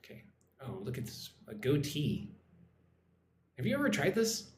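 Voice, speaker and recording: A chatty man talks playfully on a live stream, his pitch swinging up and down in amused exclamations. His voice rings in a roomy, echoey space with a faint hiss of noise behind it. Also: huge pitch swings, moderate pace, a little mellow. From Texas. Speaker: English teacher streaming live. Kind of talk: casual live stream chat.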